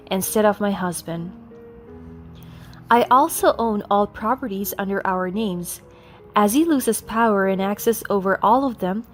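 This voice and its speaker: A woman narrating a first-person story in a cool, matter-of-fact way over faint music. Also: mid-range voice.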